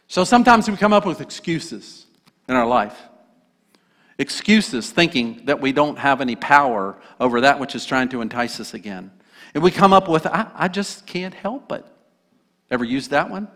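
A man's voice: medium pitch, fairly bright tone. A male pastor preaching a sermon in an earnest, emphatic way. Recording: echoey hall.

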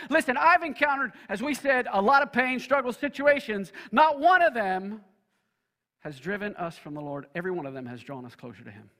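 A man's voice: high voice, animated, fast talker, bright, forceful tone, long reverb tail. An older man, a pastor, preaching an emphatic sermon and leading his congregation in call-and-response. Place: church sanctuary.

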